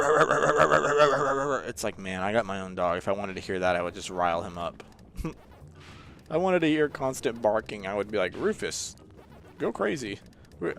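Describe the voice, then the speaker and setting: Young male gamer, loose rambling commentary, somewhat low voice, faint hiss. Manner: rambling, jokey, easily frustrated, many fillers. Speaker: gaming channel host. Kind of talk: casual let's-play commentary.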